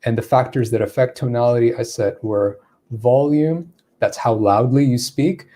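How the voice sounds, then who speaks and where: A man's voice: mid-range voice, normal speed, dark tone. Man teaching an English lesson. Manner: explains step by step with spoken examples, greets viewers in chat. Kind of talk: live-streamed English lesson.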